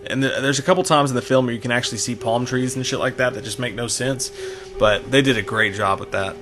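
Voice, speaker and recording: A man talks quickly through a casual movie commentary, swearing freely and dropping behind-the-scenes trivia. His pitch sits in an ordinary middle range. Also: steady tone, music in the background. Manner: chatty, profane, shares film trivia.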